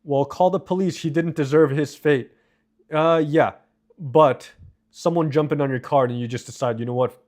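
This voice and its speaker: A man's voice: a little high, a little mellow. A man live streaming, reading and answering viewer comments in a casual, profane, rambling way. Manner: profane, rambling, quick asides.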